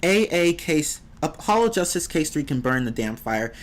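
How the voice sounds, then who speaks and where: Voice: very animated, moderate pace. Rambling, opinionated game streamer. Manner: rambling and opinionated, with swings in pitch; reads and answers the chat. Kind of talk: casual live-stream chat.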